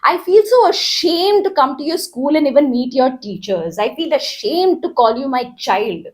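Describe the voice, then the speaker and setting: A woman's voice: on the high side, lively intonation, normal speed, lightly acted. A woman voicing an agitated parent who shames and scolds a child in a raised, belittling voice. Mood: scolding.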